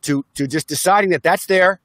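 A man's voice: sits high, brisk, fairly bright tone, dry recording, clean studio sound. A man guest in an interview, talking in an upbeat, enthusiastic way over a video call. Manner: enthusiastic, upbeat, acts out voices. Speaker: interview guest, self-help speaker and musician. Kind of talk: casual interview talk.

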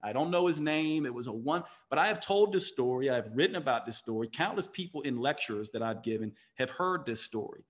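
A man's voice: medium pitch, expressive, brisk, hardly any pauses. A man who is a podcast guest, a physician and coach, telling a story with emphasis and acting out the voices of the people in it. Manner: emphatic, acts out quoted voices. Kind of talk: storytelling interview talk.

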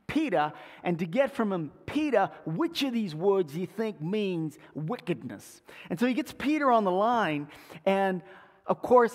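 A man preaching a sermon, telling a story in a playful, animated way. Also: high-pitched. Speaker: pastor. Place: church sanctuary. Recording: echoey church livestream.

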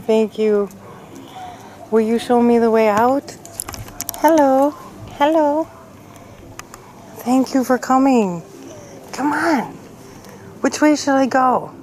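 A woman vlogging outdoors in a cemetery, chatting casually and coaxing the animals she meets in a gentle voice. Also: a little high, steady tone, slow pace, a little hiss or hum, rough recording. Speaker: travel vlogger. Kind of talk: casual vlog narration.

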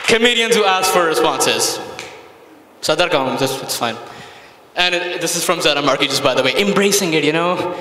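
Young guy doing stand-up, teasing the crowd, high animated voice, lots of echo. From Saudi Arabia. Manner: rambling, teasing the audience, mixing English and Hindi. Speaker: stand-up comedian. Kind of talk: stand-up comedy set. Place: open mic venue. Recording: echoey hall.

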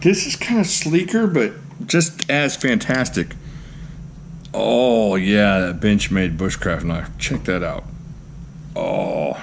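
A man hosting a casual show-and-tell vlog, gushing with excited exclamations and throwing in goofy jokes. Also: fairly low pitch, a little hiss or hum. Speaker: knife collector, channel host.

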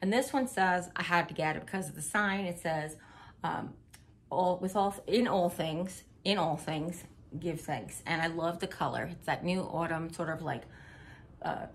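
Picture a chatty, upbeat middle-aged woman with a slightly low voice, talking casually through a home haul video. She rambles, giggles at her own jokes and keeps things cheerful. There is a faint hum of room ambience behind her. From Missouri. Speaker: vlogger. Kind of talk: casual haul vlog chat.

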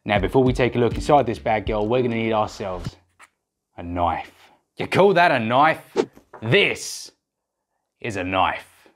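A woman doing a jokey impression of a bearded Australian male artist, with a put-on Australian accent and a deep, exaggerated drawl. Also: lively intonation, measured pace, a little hiss or hum. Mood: boastful. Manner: jokey bush-adventurer bravado.

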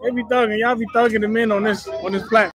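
A man's voice: sits high, fairly even intonation, fast talker, fairly bright tone, breathy edge. A man talking casually to viewers in a family vlog, joking and talkative. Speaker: vlogger. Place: outdoors at a street festival.

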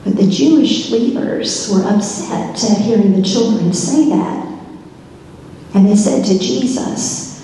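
A woman's voice: medium pitch, takes it slowly, dark tone, a little hiss or hum, close to an everyday voice. A woman pastor playing a curious, searching Roman governor's wife in a first-person church monologue, asking many wondering questions. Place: church sanctuary. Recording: echoey church hall.

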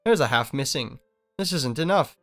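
A man's voice: medium pitch, lively intonation, normal speed, fairly bright tone, soft background music. A man voicing a fearless, cheerful young lad who talks in a carefree, bold way.

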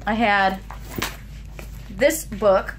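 A young woman vlogger, a little tipsy, excitedly retelling a story to camera with lots of fillers. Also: medium pitch, very slow, background noise.

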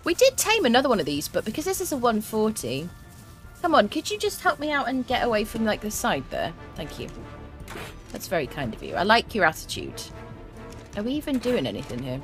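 A young woman streaming a video game, chatting excitably to the creatures and her viewers as she plays. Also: fairly high pitch, fairly quick. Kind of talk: let's play commentary. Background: faint game music.

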